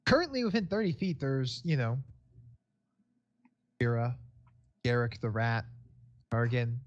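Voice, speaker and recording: A man running a tabletop game as game master over voice chat, rambling and hesitant, with many pauses and fillers. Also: mid-range voice, highs cut off. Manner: rambling, hesitant, full of ums. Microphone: home microphone with a sound gate.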